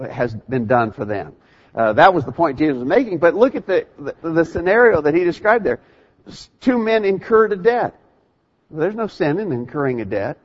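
Male preacher, fairly high voice, earnest and conversational, repeats points for emphasis; dull lo-fi sermon recording.

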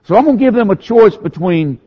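A pastor delivering a sermon, his slightly high, husky voice rising and falling widely as he tells the story. He moves between hushed, reflective passages and raised, emphatic ones. The recording sounds muffled and lo-fi. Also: animated, brisk.

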